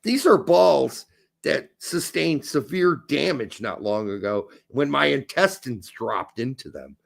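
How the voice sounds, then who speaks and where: Man, podcast co-host, crude casual chat, gravelly, lively pitch. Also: unhurried. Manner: profane, loud and excitable.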